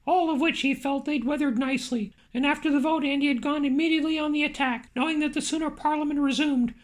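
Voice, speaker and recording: High squeaky rooster puppet narrator, man doing the impression, audiobook read. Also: a bit bright.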